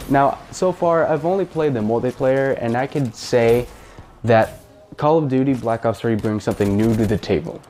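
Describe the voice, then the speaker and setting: A man's voice: medium pitch, moderate pace, a little mellow, soft background music. A man hosting a casual spoken game review, talking in a chatty, rambling way with fillers and the odd swear word. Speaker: gaming channel host.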